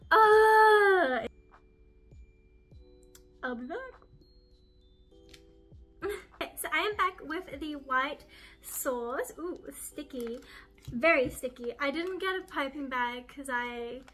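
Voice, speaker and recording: A young woman vlogging in a chatty, excitable, gushing way as she assembles a baking project. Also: sits high. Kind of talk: casual baking vlog.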